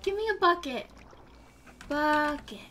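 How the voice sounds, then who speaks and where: A young woman livestreaming a game in casual chat, excitable and prone to gasping and squealing at what she finds. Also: high-pitched, slow pace, a little hiss or hum. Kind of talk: casual gaming stream chat.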